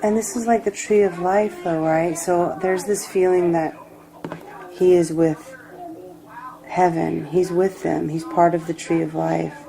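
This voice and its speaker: A woman giving a personal tarot reading, reflective and emotional, rambling with pauses. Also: fairly low pitch, steady tone, creaky, mellow, poor audio. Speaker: tarot reader.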